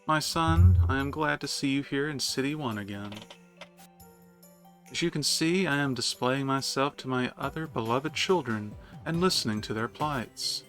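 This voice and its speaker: A man's voice: mid-range voice, normal speed, fairly bright tone, soft background music, natural voice. A man voicing a haughty, commanding queen mother while reading game dialogue aloud. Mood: serene, condescending. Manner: stately, commanding and condescending. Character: haughty regal mother-queen, ruler of a religious city.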